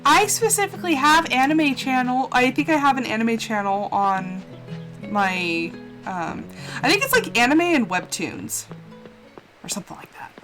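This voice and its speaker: A woman's voice: fairly high pitch, big pitch swings, normal speed. A young woman chatting casually while she streams a game live, gushing and emotional, laughing often and exclaiming a lot. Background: game music.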